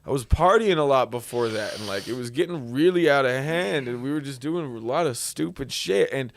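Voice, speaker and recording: A man's voice: medium pitch, lively intonation, fairly quick, vocal fry. A young man, a comedian, telling a long rambling story in a casual podcast chat, laughing and trailing off. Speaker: guest comedian.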